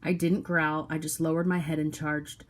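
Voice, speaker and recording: A woman reads a novel aloud in the first person. Her storytelling is steady and low-key, set in a lowish register. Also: normal speed. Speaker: audiobook reader.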